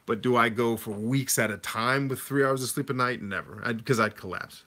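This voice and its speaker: A man hosting a casual livestream, reading viewers' comments aloud and answering them in a relaxed conversational way. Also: mid-range voice, normal speed. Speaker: livestream host answering chat.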